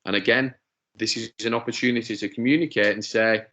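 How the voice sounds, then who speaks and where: A man's voice: medium pitch, steady tone, fast talker, a bit bright. A man presenting a motivational webinar, emphatic, asking rhetorical questions and acting out little quotes.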